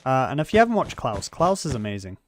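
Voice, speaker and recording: A man's voice: medium pitch, sing-song, fast. A man chatting casually on a live stream, rambling and trailing off, with a quirky way of talking. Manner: rambling, trails off and restarts often; talks with many quirks, by his own account.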